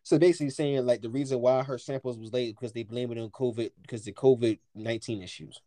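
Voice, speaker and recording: Halting, casual man reading the news. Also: medium pitch, steady tone, mellow, dry recording. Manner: halting reading full of "like" and "you know". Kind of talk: casual chat, reading a news article aloud.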